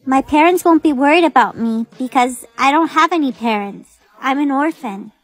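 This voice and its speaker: A woman voicing a lonely young orphan girl, soft and plaintive. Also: high-pitched, normal speed, close to an everyday voice. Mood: sad.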